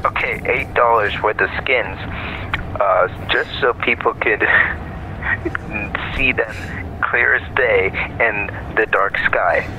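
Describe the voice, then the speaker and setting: A man's voice: on the low side, takes it slowly. A man streaming a game and joking with a friend, teasing and laughing as they chat. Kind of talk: casual gaming chat. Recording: dull lo-fi stream audio with faint noise.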